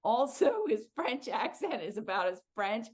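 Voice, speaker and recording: A woman co-hosting a casual recap chat, chatty and quick to laugh and agree. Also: medium pitch, lively intonation, a little mellow. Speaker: podcast co-host.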